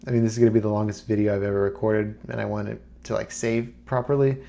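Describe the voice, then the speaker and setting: A man talking casually to camera as a YouTuber, rambling and relaxed with plenty of fillers. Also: fairly low pitch, quick pace, creaky. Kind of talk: casual screen-recorded talk.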